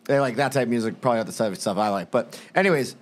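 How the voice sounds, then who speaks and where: A man, co-hosting a casual podcast. He talks in a middle-pitched voice and recounts his weekend with enthusiastic, swear-filled energy. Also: very fast. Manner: enthusiastic, profane storytelling. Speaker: podcast co-host. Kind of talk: casual chat.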